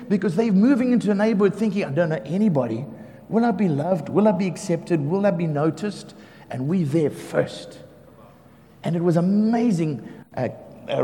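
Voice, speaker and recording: A man preaching as a pastor, telling lively stories about his neighbours, acting out the quotes and often laughing. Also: sits high. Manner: animated storyteller, acts out quotes, laughs often. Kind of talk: sermon storytelling. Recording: reverberant hall with faint ambience.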